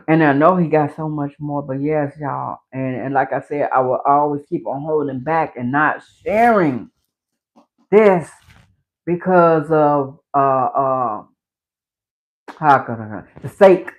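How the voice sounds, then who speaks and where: A woman's voice: low-pitched, lively intonation, a little slow, darkish tone, poor audio. A woman speaking in a casual, emotional livestream testimony about her faith. Her voice is fervent and tearful. She keeps sliding into a preaching rhythm, addressing listeners directly. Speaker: livestream host sharing a personal faith testimony.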